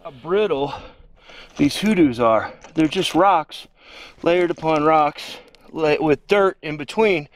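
A man's voice: medium pitch, a little hiss or hum. A middle-aged man out of breath from hiking, chatting self-deprecatingly in a casual travel vlog from a cold canyon at sunrise. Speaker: travel vlogger.

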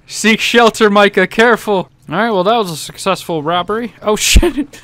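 A young man giving excitable, laugh-filled commentary while playing a game. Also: on the high side, moderate pace, gravelly, soft background music. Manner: excitable, laughing, shouting reactions. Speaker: gaming YouTuber. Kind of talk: let's-play commentary.

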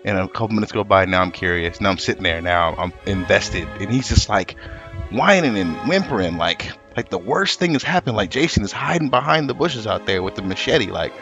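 A man streaming live as a comic artist, telling a rambling, profane, animated story while he paints. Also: on the low side, brisk, soft background music. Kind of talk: casual storytelling on a livestream.

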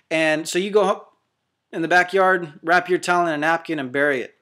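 A man's voice: fairly high pitch, fairly even intonation, a little fast, pushed and bright. A man preaching as a deliverance minister, fervent and confrontational, hammering out short repeated declarations. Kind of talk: preaching sermon to camera.

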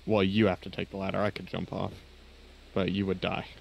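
A man streaming a co-op heist game, giving quick tactical instructions and joking at himself. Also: deep voice, completely flat delivery, gravelly, dull audio. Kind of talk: casual gaming chat.

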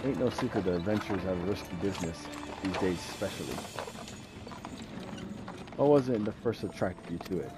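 Speaking in a low, expressive voice, a man reads game lines aloud as a talkative old male peddler with a put-on rustic accent. He goes a little fast, takes long pauses and stumbles at times. The mood is folksy, with game music in the background.

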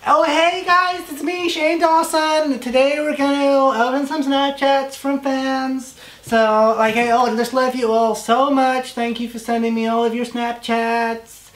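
A man putting on a gushing, high-voiced male vlogger impression in a roomy bedroom. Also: little pitch movement, measured pace, a bit bright.

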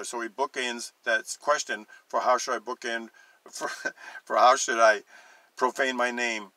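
A man giving an online Bible teaching, emphatic and slowing down to stress the verses he reads. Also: mid-range voice, fairly even intonation, sharp tone, no room sound. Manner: emphatic, slows down and stresses scripture readings.

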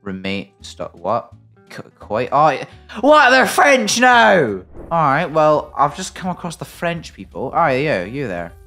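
A British man plays through a game on video and chats as he goes, bantering and joking. His voice swings hugely from low mutters up to loud, high yelps. Soft game music plays faintly underneath. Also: measured pace. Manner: excitable, jokey banter with sudden loud yelps. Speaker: gaming video creator. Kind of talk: playing a game and commenting.

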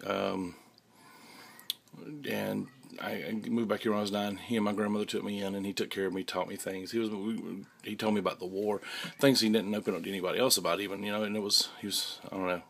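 Young man, low gravelly voice, halting casual vlog to camera. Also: flat delivery, fairly bright tone. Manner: halting, many restarts and fillers. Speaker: vlogger. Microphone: handheld camera mic.

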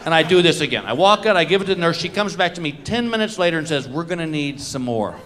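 A middle-aged man telling self-mocking stories in a live stand-up set, acting out his own reactions with animated delivery. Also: high voice, racing. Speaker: stand-up comedian. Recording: noisy live comedy recording.

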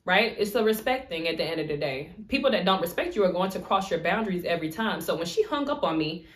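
A woman's voice: lowish voice, fast talker. A woman telling a story in a casual vlog, acting out what people said and laughing often. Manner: animated storytelling, acts out quotes. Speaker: vlogger.

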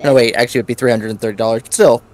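A man's voice: medium pitch, steady tone, rapid-fire. A man with a mid-range voice chimes in on a retro game playthrough, dry and teasing. He nitpicks the details and corrects his co-host. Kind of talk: casual gameplay commentary.

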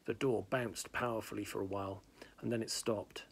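A man's voice: lowish voice, steady tone, moderate pace, vocal fry, breathy edge. A man reading a novel aloud in plain narration, with small slips and restarts. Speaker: reader.

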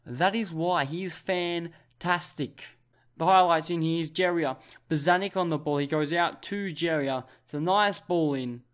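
Young Australian guy calling the action in his football manager game, fairly high voice, gets excitable. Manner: excitable play-by-play commentary. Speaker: gaming YouTuber.

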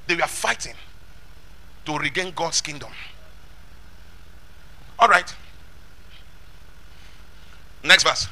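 A man preaching a sermon, emphatic, asking rhetorical questions and shouting lines of scripture. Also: a little high, animated, slow.

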